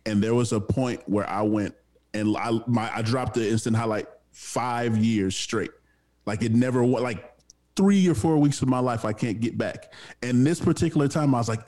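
A man's voice: fairly low pitch, warm tone. Male co-host, emphatic and profane, casual storytelling. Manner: profane, emphatic, says bro a lot. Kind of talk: casual chat.

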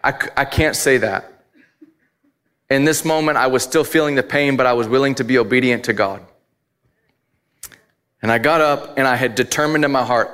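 A man's voice: a little high, normal speed, fairly bright tone. Preaching man, candid and emphatic. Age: adult, married. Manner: candid, storytelling, rising to emphatic peaks. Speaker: pastor. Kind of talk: sermon.

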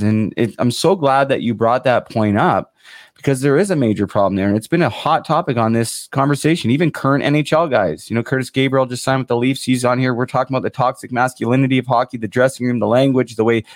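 A man's voice: medium pitch, a little fast, dry recording, studio quality. Rambling young male podcast host. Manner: rambling, with many fillers and restarts. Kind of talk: casual interview chat.

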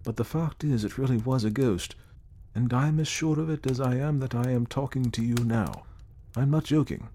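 A man voicing an earnest, reflective gentleman who sincerely recounts meeting a ghost, in an audiobook reading. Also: medium pitch, moderate pace, slight background noise, voice pushed up, lightly acted. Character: earnest gentleman telling his ghost encounter. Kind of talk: audiobook character voice.

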